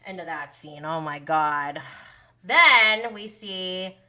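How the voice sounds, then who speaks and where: A woman hosting a casual reality TV recap livestream, animated and gushing, laughing often and swearing casually. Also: fairly low pitch, slow pace.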